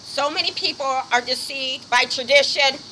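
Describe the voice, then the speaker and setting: A woman preacher giving an urgent, emphatic sermon at an outdoor service, slowing down to read scripture solemnly. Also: sits high, sharp tone, slight background noise, poor audio.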